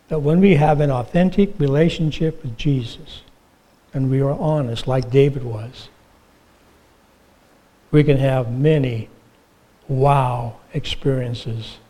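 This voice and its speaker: A man preaching a sermon, telling illustrative stories and asking the congregation questions, with frequent "uh" pauses. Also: medium pitch, dark tone, rough recording. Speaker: pastor.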